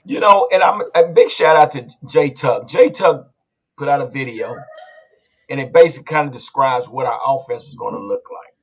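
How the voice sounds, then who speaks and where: A man hosting a casual sports podcast, talking in an animated, rambling way. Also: mid-range voice, moderate pace, slightly rough, dull audio. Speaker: podcast host.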